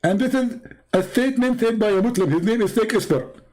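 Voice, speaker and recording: A man's voice: high-pitched, fairly quick, a little mellow, poor audio. A man doing a satirical impression of a pompous, self-assured male preacher who lectures condescendingly and mangles facts with confidence. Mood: smug. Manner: smug, mangles names and facts with confident authority.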